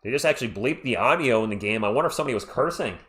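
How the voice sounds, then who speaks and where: Rapid-fire and medium in pitch, a man delivers live play-by-play on his stream. He roots openly for his side, gets excited, and keeps greeting viewers in the chat.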